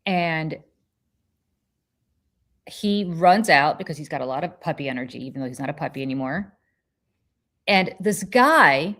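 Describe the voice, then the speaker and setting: A woman hosting a podcast, telling a story in casual chat with lively, profane energy. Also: low voice. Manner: animated, profane, quick restarts. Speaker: podcast host.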